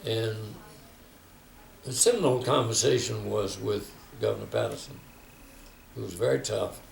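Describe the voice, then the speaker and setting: A man's voice: fairly low pitch, measured pace, gravelly, recorded from a distance. An older man telling stories in a reflective oral history interview, often quoting others. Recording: echoey room, faint background noise.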